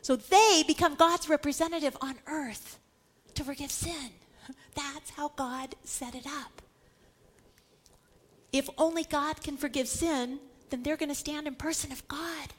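A woman's voice: sits high, fairly even intonation, unhurried. A woman giving an emphatic Bible teaching, repeating words for stress and acting out the voices she quotes.

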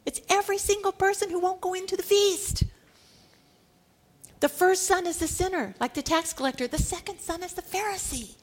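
A woman preaching a sermon, telling a parable with animated storytelling, acting out the quoted lines and laughing often. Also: very high voice, moderate pace.

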